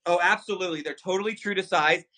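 A man hosting a live shopping stream with a bright, forward voice pitched a little high. He talks fast and excitably, hyping each product and calling out to his viewers. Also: low-quality recording. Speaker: livestream shopping host. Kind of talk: live sales stream chat.

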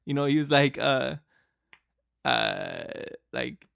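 A man's voice: mid-range voice, slow pace, vocal fry, fairly bright tone, clean tone, no room sound, clean studio sound. A young man from Boston, hosting a podcast and telling a travel story in a loose, rambling way, full of fillers and laughs. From Boston, United States. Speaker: podcast host.

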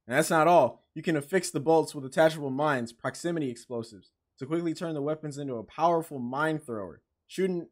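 A man giving casual let's-play commentary, excitable, swearing and reading game text aloud. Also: a little high. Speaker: gaming channel host.

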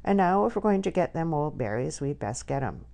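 Woman doing a sharp-tongued older countrywoman. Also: low voice, sing-song, fairly quick, gravelly, heavily acted. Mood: placid. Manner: scolding, broad country dialect.

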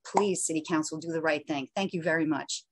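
A woman's voice: sits low, fairly even intonation, a little fast, breathy edge, no room sound. A woman giving earnest, pleading testimony at a remote council hearing over a video call. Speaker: public testifier. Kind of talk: impassioned public testimony.

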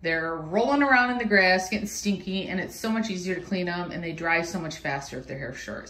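A woman's voice: lowish voice, normal speed, fairly bright tone, a little hiss or hum. Chatty woman vlogging while grooming her dog. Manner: chatty, talks to her dogs in a sing-song baby voice. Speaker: pet vlogger. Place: home grooming area indoors. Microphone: handheld phone camera.

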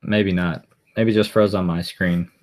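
A man's voice: low voice, steady tone, a little slow. A man chatting casually on a live stream, rambling and answering viewer comments aloud as he goes.

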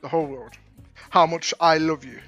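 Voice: medium pitch, fairly even intonation, moderate pace, a bit bright, lo-fi sound, faint music behind. A British speaker chatting casually and playfully in a virtual reality social game, teasing others with jokey pickup lines. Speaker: VR vlogger.

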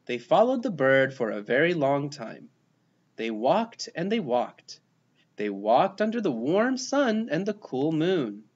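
A man reading a children's picture book aloud, expressive and playful, giving the characters their own voices. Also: mid-range voice, a little slow, slightly rough, highs cut off. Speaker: storybook reader.

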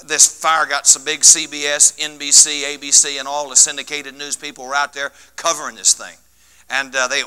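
A man's voice: fairly high pitch, pushed and bright, smooth, rough recording. A man with a Texan accent telling stand-up jokes in a folksy manner. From West Texas. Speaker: comedian.

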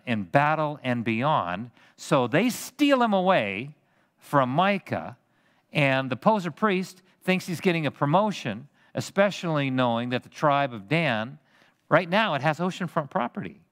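Animated male pastor with lively pitch. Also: long reverb tail. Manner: animated, conversational, joking with the congregation. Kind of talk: expository sermon. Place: church sanctuary.

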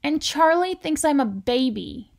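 Earnest little schoolboy, pleading, raised pitch, woman reading aloud, slow. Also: expressive, vocal fry, full character voice. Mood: wistful. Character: young schoolboy, hurt but hopeful.

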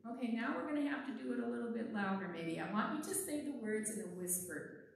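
A woman with a fairly high voice gives a children's sermon, coaxing the kids along with question after question. She sounds distant from the mic, and the church around her rings with a heavy echo. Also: animated, quick pace, slight background noise. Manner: playful, coaxing, asks the children many questions. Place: church sanctuary. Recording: echoey church from far off.

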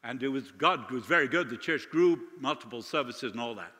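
A man's voice: medium pitch, animated, fairly quick, pushed and bright. A male guest preacher telling stories in a sermon, acting out dialogue in a church with a long echo. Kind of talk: sermon storytelling. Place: church sanctuary. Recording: long church hall reverb.

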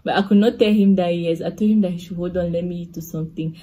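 A young woman telling a casual storytime vlog, chatty and animated, full of asides and laughs. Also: fairly low pitch, quick pace, slightly rough, dull audio. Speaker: vlogger.

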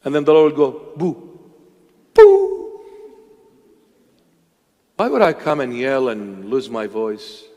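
A man's voice: medium pitch, lively intonation, moderate pace, hardly any pauses, darkish tone. A man preaching a sermon with impassioned, emphatic delivery, sometimes acting out voices. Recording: long hall reverb.

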